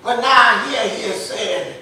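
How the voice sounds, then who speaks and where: A pastor with a very high, piercing, bright voice preaches in a church. His sermon swells from quiet asides into shouts, and it rings through a very echoey room, picked up from some distance. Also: unhurried, slight background noise. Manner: preaching with call-and-response and rising shouts. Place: church sanctuary. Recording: roomy echo, mic at a distance.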